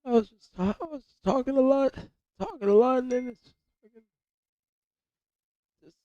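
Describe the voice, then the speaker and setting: A young man streaming live with a hoarse, cracking voice from illness, rambling and swearing in casual chat. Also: very high voice, expressive, moderate pace, dark tone, dry recording, lo-fi sound. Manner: coarse, rambling, swears a lot, repeats himself.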